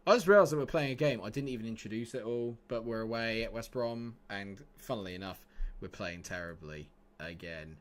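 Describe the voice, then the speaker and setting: A man's voice: on the low side, fairly quick. A young man streaming a football management game, chatting with viewers and breaking into exasperated outbursts. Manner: banter with chat, sudden exasperated outbursts. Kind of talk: casual livestream commentary.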